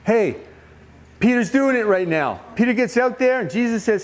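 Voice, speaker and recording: Animated man preaching at a youth camp. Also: sits high, fairly quick. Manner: animated storytelling, questions to the audience. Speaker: camp speaker.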